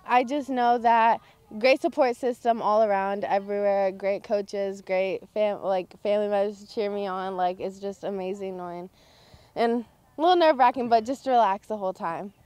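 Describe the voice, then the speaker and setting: A teenage girl who pitches for her high school softball team, talking excitedly in a post-game interview and filling her answers with "like" and "honestly". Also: normal speed, clear, resonant tone, no echo. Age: teens.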